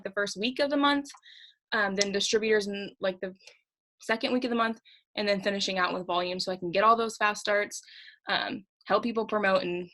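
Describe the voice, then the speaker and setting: A young woman talks quickly and a little out of breath, coaching her team in a casual, chatty way. She sounds upbeat as she hosts the group on a video call. Her pitch sits in an everyday middle range. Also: fairly bright tone, low-quality recording. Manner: fast-talking, chatty, upbeat.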